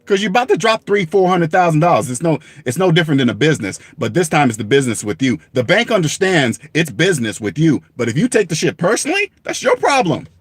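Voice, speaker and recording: A man's voice: fairly high pitch, big pitch swings, fast, hardly any pauses, slightly rough, no echo. A man giving blunt money advice straight to the camera in an emphatic, repetitive rant, swearing for emphasis and laughing at himself. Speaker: personal finance vlogger.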